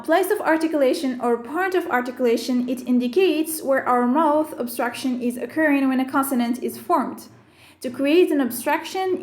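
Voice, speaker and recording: A woman teacher explaining speech sounds, slowly listing sounds and terms one by one. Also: high voice, darkish tone, roomy sound. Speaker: Arabic teacher. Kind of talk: explaining phonetics with slides.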